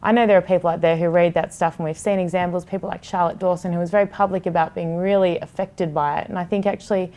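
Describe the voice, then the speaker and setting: A woman's voice: lowish voice, steady tone, fast talker, hardly any pauses, darkish tone. A woman in her thirties who hosts a TV sports show, talking candidly and passionately in a casual podcast chat, swearing freely. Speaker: TV sports host, guest.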